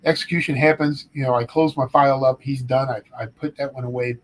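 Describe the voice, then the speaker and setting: A middle-aged man from Ohio, a forensic psychologist, telling stories in a casual, animated way with dark humor. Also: mid-range voice, brisk, rough recording. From Ohio, United States. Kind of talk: casual storytelling chat.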